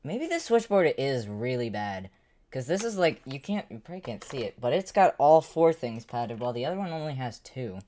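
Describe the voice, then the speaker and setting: Very low-voiced woman streamer. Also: very animated, moderate pace, warm tone. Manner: rambling, swears, talks to herself while working. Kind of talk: casual livestream chat while tinkering.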